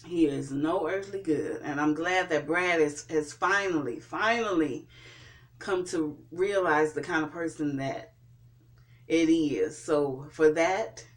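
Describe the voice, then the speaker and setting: A TV show reviewer talks through an episode recap at a very slow, unhurried pace. The telling is halting, full of fillers and restarts. The voice sits at an ordinary middle pitch. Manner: hesitant, with frequent fillers and restarts.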